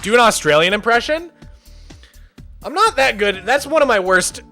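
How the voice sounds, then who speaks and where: A man's voice: very high voice, animated, moderate pace, bright, forceful tone, faint music behind. A man streaming a game, chatting casually, answering viewer questions and thanking donors as they come in. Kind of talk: casual livestream chat.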